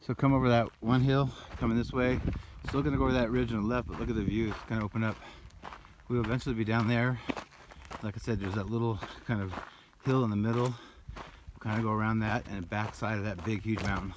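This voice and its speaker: A low-voiced man talks through his hike in a loose, rambling way, pointing out the trail ahead as he walks. He is recorded outdoors on a handheld camera, with a faint hiss of wind and noise behind him. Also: steady tone, quick pace. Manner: rambling, breathy while climbing, pointing out the route. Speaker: hiker vlogger. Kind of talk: casual trail vlog narration. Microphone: handheld camera while walking.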